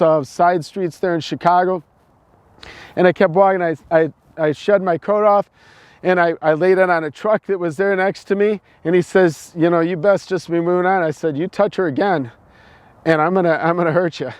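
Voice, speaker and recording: High-voiced preachy American man. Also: a little mellow, no echo. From United States. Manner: repetitive, preachy, stumbling restarts. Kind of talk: opinion monologue.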